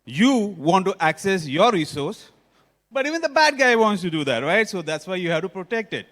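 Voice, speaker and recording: High-voiced Indian man in echoing hall. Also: big pitch swings, moderate pace, a bit bright. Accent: Indian English. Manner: engaging, quizzes the audience often. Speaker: conference speaker. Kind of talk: technical conference talk. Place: conference hall stage. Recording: long reverb of a conference hall.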